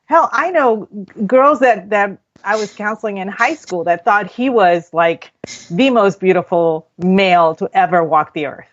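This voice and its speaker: A woman's voice: medium pitch, lively intonation, a little slow. A woman co-hosting a casual radio chat, telling a movie story in a rambling, chatty way. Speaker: radio co-host. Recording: dull lo-fi radio audio.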